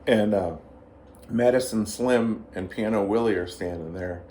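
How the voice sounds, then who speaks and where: Man guest on a talk show, lowish voice, spins lively anecdotes, faint noise behind. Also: measured pace. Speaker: blues guitarist, interview guest. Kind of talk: casual storytelling.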